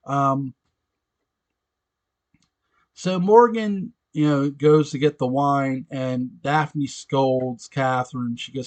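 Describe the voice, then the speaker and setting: A man talks through a television episode in a loose, conversational recap. He chuckles often and trips over his words, circling back with asides. His voice sits in an ordinary middle pitch. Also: takes it slowly. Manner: chatty, laughs often, frequent restarts and asides. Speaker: fan reviewer recapping episodes. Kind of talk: casual spoken episode recap.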